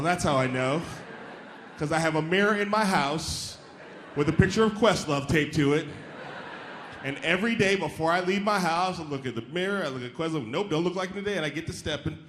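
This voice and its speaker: His voice is on the high side and fairly bright as he works a theater stage doing stand-up, talking casually with the audience, riffing and sometimes mimicking chirpy voices. Faint crowd noise fills the roomy live hall, and the audience laughs in the background.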